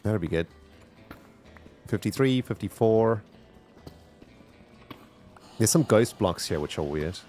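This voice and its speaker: A man's voice: lowish voice, lively intonation, slow, long pauses, a little mellow, faint music behind. A man streaming a video game, chatting casually and thinking aloud as he plays. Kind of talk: casual gaming livestream chat.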